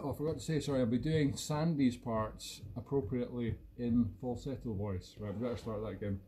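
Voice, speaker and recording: A man's voice: mid-range voice, brisk, few pauses, mellow. A Scottish man in his fifties hosting a live music stream from home, chatting between tunes with joking, rambling banter. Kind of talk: casual chat between tunes. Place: home, indoors.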